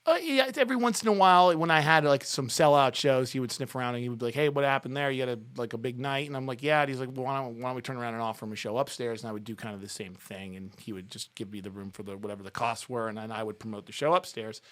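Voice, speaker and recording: A man's voice: mid-range voice, level tone, racing, hardly any pauses, fairly bright tone. A middle-aged man, a guest on an interview podcast, telling long anecdotes in a casual way with many restarts and the odd laugh. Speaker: podcast guest, music talent buyer.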